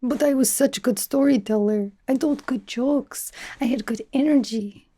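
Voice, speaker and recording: A young woman voicing a brash, teasing female spy who interviews a recruit, in whispered role-play with a soft, half-whispered, rambling way of talking. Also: high voice, moderate pace. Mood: playful teasing. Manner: teasing, chatty, self-absorbed, drops articles. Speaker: ASMR creator.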